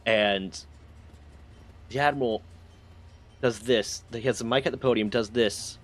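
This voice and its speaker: A man's voice: medium pitch, steady tone, unhurried. A man streaming a game while telling a rambling, profane story in a casual way. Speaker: gaming streamer.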